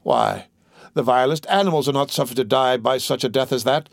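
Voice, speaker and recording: A man voicing a calm, grave priest who speaks in a measured, formal way. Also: medium pitch, gravelly, dry recording, studio quality, natural voice. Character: calm, secretly shaken priest. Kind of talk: audiobook character reading.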